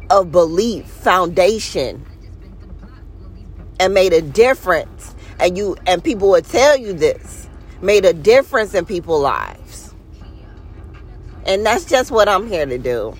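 A woman's voice: lowish voice, slightly rough. A woman hosting her own podcast, speaking in a heartfelt, earnest and preachy casual monologue and stretching out the words she wants to stress. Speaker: podcast host.

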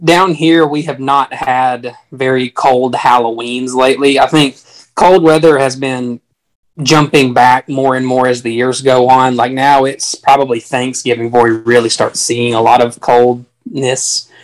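A man's voice: medium pitch, level tone, measured pace, poor audio. A man with a Southern US accent, chatting as a guest in a casual podcast interview and making dry joking asides. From Southern United States.

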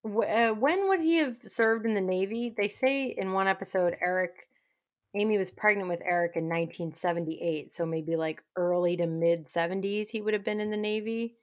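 A woman's voice: mid-range voice, moderate pace. A woman co-hosting a podcast, chatting casually about a TV episode and laughing often as she talks. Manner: giggly, laughs often while talking. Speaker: podcast co-host. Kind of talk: casual chat recapping a TV show.

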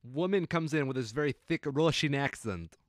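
A man's voice: mid-range voice, animated, normal speed, dry recording, clean studio sound. A young man co-hosting a casual podcast, telling a story with wry asides. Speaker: podcast co-host.

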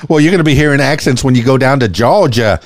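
A man's voice: mid-range voice, expressive, fast talker, no room sound, studio quality. A man hosting a podcast interview, talking in a folksy, rambling way and repeating words. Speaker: podcast host. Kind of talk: casual interview chat.

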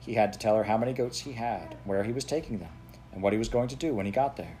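A man narrating a children's classic aloud in a steady, plain storytelling manner. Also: on the low side, quick pace, slight background noise. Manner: steady, plain storytelling with a few self-corrections. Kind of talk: audiobook reading of a children's classic.

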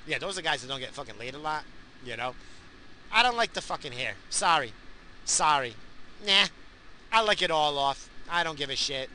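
A man in his forties ranting crudely from inside his car, yelling now and then at other drivers. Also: fairly high pitch, normal speed, slight background noise. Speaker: vlogger. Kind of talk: casual profane rant.

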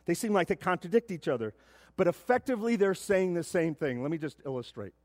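A middle-aged man preaching a sermon as pastor, emphatic, often repeating words as he builds to loud points. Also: sits high, lively intonation, brisk, dry recording, studio quality. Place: church sanctuary.

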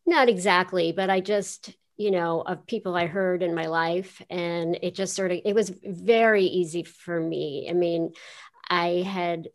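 A woman's voice: lowish voice, fairly even intonation, measured pace. An older woman from Queens, New York, a voice actress telling stories as an interview guest in a chatty way, laughing easily. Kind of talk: casual interview, storytelling.

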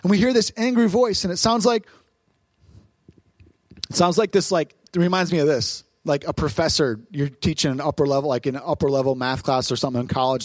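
A pastor preaching a lively sermon at a church service, his voice sitting fairly high for a man. He asks the crowd questions and acts out the voices in his stories. The sound is dry, with almost no room in it. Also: brisk, no echo.

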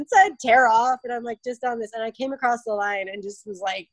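A woman in her thirties talks in a fairly high voice, full of fillers and quick asides. She acts out the people in her stories with lively voices. The sound is close and dry. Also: no room sound, poor audio. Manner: chatty storyteller, acts out quotes with lively voices. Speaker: guest, obstacle race athlete. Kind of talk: casual podcast interview.

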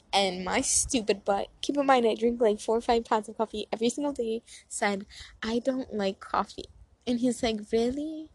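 A woman's voice: medium pitch, a little mellow, breathy edge, rough recording. A woman in her twenties giving dating advice in a rambling, chatty way, full of fillers and asides, talking outdoors near a road. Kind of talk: casual chat.

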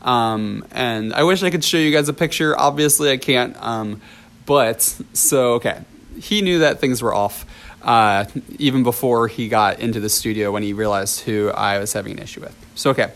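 A man's voice: mid-range voice, moderate pace, creaky, fairly bright tone. Chatty man telling a storytime. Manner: chatty storytelling with laughs, filler ums and restarts. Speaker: dance teacher. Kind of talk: storytime vlog.

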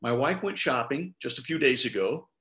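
A man's voice: medium pitch, normal speed. A middle-aged male pastor giving a sermon, talking conversationally and acting out the people he quotes. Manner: conversational preaching with lively quoted voices.

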